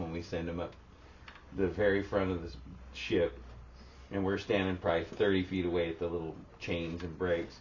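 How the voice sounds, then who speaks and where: A very low-voiced man chats on a casual podcast, jokey and quick to jump in with mock quotes. He is heard from a distance over a dull line with faint background hiss. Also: level tone. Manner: jokey, chimes in with loud put-on quotes. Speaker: podcast co-host. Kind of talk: casual chat.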